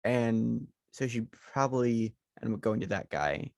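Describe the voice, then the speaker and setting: A man's voice: mid-range voice, expressive, normal speed, gravelly, hardly any pauses, a little mellow, no room sound, clean studio sound. A man co-hosting a podcast in casual movie chat, rambling through ideas with lots of fillers. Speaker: podcast co-host.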